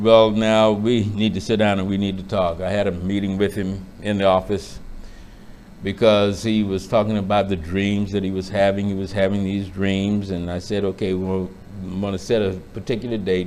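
A man preaching a sermon, reading scripture aloud and then expounding with building emphasis, and dropping to a quieter tone for his stories. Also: on the low side. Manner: drops to a quieter storytelling tone for anecdotes. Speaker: pastor.

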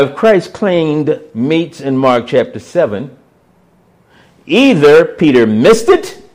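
A man with a fairly high voice preaches a sermon, repeating key words for emphasis and swinging from loud declarations to hushed asides. The recording is rough.

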